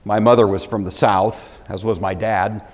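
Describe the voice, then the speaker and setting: This older Bible teacher, with a plain Pacific Northwest American accent, lectures with earnest emphasis and the occasional wry aside. His lowish voice holds a steady tone at normal speed, followed by a long reverb tail.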